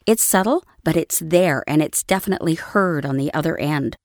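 A woman coaching voice actors in an easy, conversational way, slipping into short acted examples to make her points. Her voice sits a little low, and the studio mic sounds close and dry with no room around it. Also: moderate pace, dry recording. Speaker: voice-over coach. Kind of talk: instructional talk on voice acting. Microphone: studio microphone.

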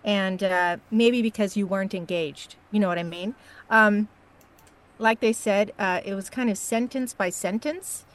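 A woman's voice: medium pitch, a little slow. A woman coaching a voice actor in an encouraging, chatty way with filler ums. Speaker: voice-over coach giving feedback. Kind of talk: casual critique.

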